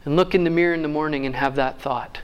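A man with a fairly high voice preaching a sermon. He reads scripture in slow, weighty phrases and then slips into easy, joking asides. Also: smooth, muffled recording. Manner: reads scripture slowly, then jokes warmly with the crowd.

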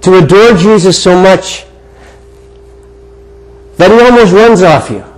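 A man's voice: high voice, animated, low-quality recording. Earnest man preaching a sermon. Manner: earnest, storytelling preacher with emphatic pauses. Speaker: guest preacher.

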